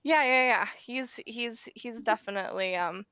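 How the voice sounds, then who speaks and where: A woman playing a tabletop game who describes her character slowly, searching for words with many fillers. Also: fairly high pitch, pushed and bright, no room sound, lo-fi sound. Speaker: player.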